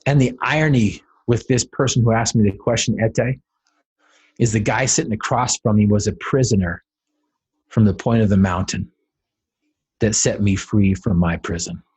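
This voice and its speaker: A man's voice: lowish voice, moderate pace, darkish tone, slightly rough. A man speaking as a podcast guest, telling a personal story with dramatic, building emphasis.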